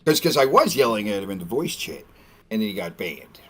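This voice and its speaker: A man talking as a guest on a casual podcast, ranting in an animated, profane way and slipping into mocking impressions. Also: fairly low pitch, fairly quick. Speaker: guest streamer.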